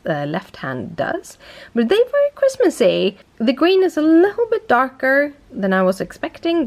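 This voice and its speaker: A young woman with a somewhat low voice and a light British tinge chats casually at home. She sounds worn out, and she rambles and corrects herself as she talks. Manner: rambling, self-correcting, chatty. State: tired. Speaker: vlogger. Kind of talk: casual vlog chat.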